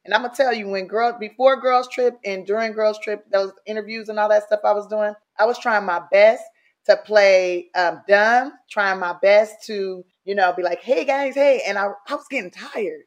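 A woman guest speaking bluntly and candidly in a casual interview, animated and salty, mimicking people as she goes. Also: medium pitch, moderate pace.

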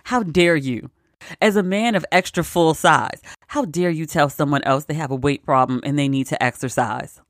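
A woman's voice: low voice, moderate pace, dry recording, studio quality. A woman hosting a podcast, giving casual news commentary in a wry, exasperated way and laughing between quotes. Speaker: podcast host.

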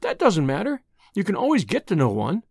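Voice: mid-range voice, wildly swooping pitch, brisk, creaky, darkish tone, husky, no echo, heavily acted. Reader doing a bold young woman, teasing and breezy, voice jumps up and down a lot, dry close sound. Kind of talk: audiobook reading.

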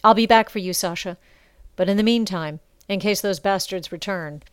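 A woman doing a steady, gentle male fighter. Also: mid-range voice, normal speed, clear, resonant tone, no echo, natural voice. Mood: earnest. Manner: gentle, reassuring. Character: loyal male fighter, tender but steady.

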